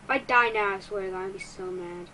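Quick to frustration and fond of self-mockery, a woman gaming YouTuber gives excitable let's-play commentary in a mid-range voice. The audio is poor, with a little hiss or hum.

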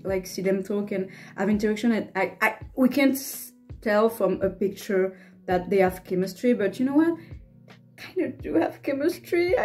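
A woman's voice: medium pitch, a little mellow. A woman vlogging a casual fan reaction, gushing and rambling with many fillers and restarts. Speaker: book vlogger.

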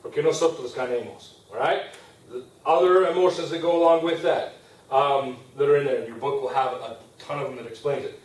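A man's voice: medium pitch, fairly even intonation, a little fast. A man teaching a Spanish grammar class as a lecture, explaining step by step and often checking in with "okay?". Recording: roomy classroom sound from a distance.

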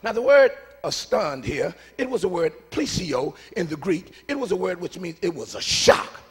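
A man preaches in a church sanctuary with a husky, gravelly voice that sits fairly high and swoops wildly in pitch. He calls out to the congregation, pushes some lines to a shout and pulls others down to a near hush. A long reverb hangs behind his words. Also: normal speed. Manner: animated, swings from shouts to hushed asides. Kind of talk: call-and-response sermon.

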